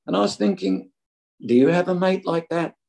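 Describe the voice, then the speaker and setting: Creaky Australian male preacher. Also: high voice, normal speed, a little mellow, rough recording. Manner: conversational, anecdotal, stumbling restarts. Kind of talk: sermon.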